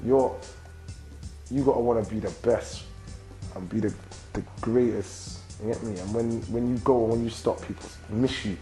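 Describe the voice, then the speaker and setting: A young man in his twenties with a London accent, a rapper and actor answering interview questions in a relaxed, slang-filled way and tagging sentences with "you get me". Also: medium pitch, normal speed, over music, rough recording. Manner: slang-heavy, constant "you get me" tags.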